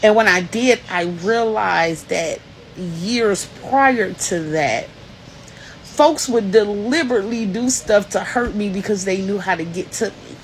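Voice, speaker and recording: A woman's voice: medium pitch, unhurried, slight background noise, low-quality recording. A woman hosting a podcast, giving an emphatic personal motivational talk, repeating key lines for emphasis and addressing the listener directly. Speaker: podcast host.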